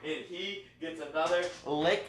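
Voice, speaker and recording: A man hosting a live stream, calling a chat horse race with animated play-by-play and banter. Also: on the high side, unhurried, roomy sound, slight background noise. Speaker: stream host.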